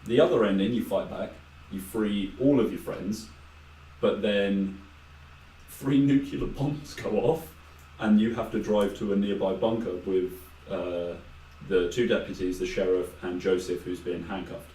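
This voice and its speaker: A man's voice: lowish voice, fairly even intonation, unhurried, dark tone, recorded from a distance. A man, co-hosting a podcast and retelling a game's story in a rambling, casual way full of fillers and quoted asides. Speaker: podcast co-host. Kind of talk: casual chat, game recap. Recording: echoey room, off-mic, faint noise.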